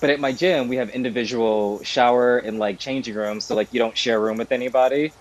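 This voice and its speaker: A man trades stories with friends on a podcast, animated and quick to poke fun at himself. His voice sits at an ordinary middle pitch and he talks casually. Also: poor audio. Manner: animated, self-deprecating storyteller. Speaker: podcast co-host. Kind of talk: casual chat.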